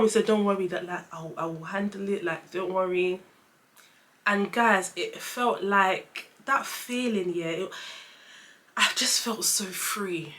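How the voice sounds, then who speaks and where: A young London woman vlogs a personal story to her camera in a bright, clear voice at ordinary pitch. She's chatty and full of fillers, jumping into quick little voices to quote people, keeping it loose and casual.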